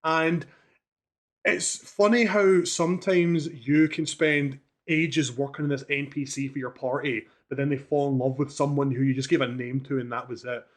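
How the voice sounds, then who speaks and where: A young man with a deep voice, telling stories in casual podcast chat as a dungeon master, animated and rambling, with restarts and swearing. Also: moderate pace.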